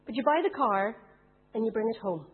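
Husky-voiced woman preaching a sermon. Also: on the high side, expressive, brisk, soft background music. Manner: asks the congregation rhetorical questions. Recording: tinny phone-like sound.

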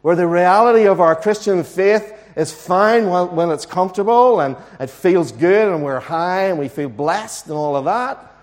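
A man delivers a sermon from the pulpit, his voice sitting a little on the high side. He preaches earnestly and with emphasis, drawing out key words slowly. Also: expressive. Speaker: pastor. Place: church.

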